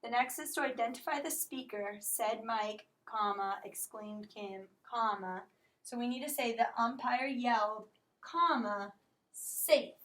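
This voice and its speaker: A woman teacher slowly walking through a writing lesson step by step, stopping to correct her own slips. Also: a little high, a bit bright, poor audio. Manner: slow, step-by-step explaining, apologizes for slips. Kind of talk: recorded classroom lesson.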